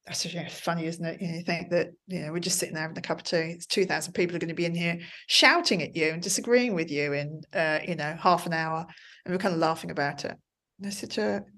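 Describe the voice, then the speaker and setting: A woman, a former TV producer, chatting as an interview guest and telling stories with acted-out quotes. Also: lowish voice. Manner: chatty storyteller, acts out quotes. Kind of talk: conversational interview.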